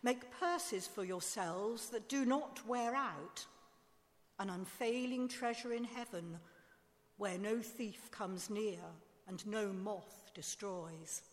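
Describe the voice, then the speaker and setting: A woman giving a slow, measured liturgical Bible reading in church. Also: medium pitch. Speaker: scripture reader. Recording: long church reverb.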